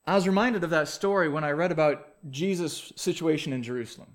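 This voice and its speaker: A man preaching a sermon, reading scripture, praying, then telling a story in a relaxed, conversational way. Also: on the high side, fairly quick. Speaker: pastor.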